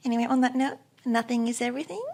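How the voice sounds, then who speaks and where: Dreamy, gravelly-voiced woman musing. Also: on the high side, fairly even intonation, very fast, a little mellow. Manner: musing, dreamy, full of "like" fillers. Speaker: podcast co-host. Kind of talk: casual chat.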